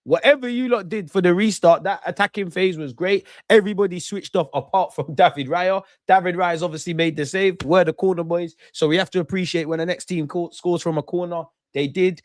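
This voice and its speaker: A young man hosts a football reaction stream, talking in slangy, animated bursts. His voice sits a little high and sounds close and dry on the mic. He swings between heated rants and calmer analysis of the match. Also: brisk, hardly any pauses, dry recording. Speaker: football watchalong host. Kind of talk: casual post-match reaction.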